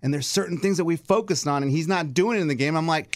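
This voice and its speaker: A man co-hosting a casual talk show, a father telling stories about his kids' sports and loudly acting out the people he quotes. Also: on the high side, quick pace, a little hiss or hum. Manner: storytelling, acts out quotes loudly. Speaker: co-host, father of young athletes. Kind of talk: casual radio chat.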